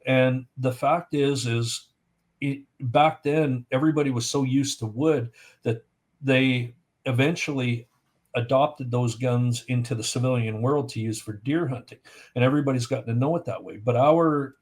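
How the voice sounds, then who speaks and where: A Canadian man appears as a podcast guest. He tells his stories in a medium, ordinary pitch, and his delivery is animated and chatty. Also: normal speed. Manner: animated storyteller, acts out voices in anecdotes. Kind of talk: casual storytelling in a podcast.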